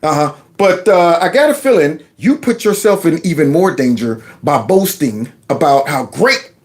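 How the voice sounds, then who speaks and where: A man's voice: fairly high pitch, animated, normal speed. A man giving casual, mocking commentary on a video clip. He talks sarcastically and addresses his viewers as y'all.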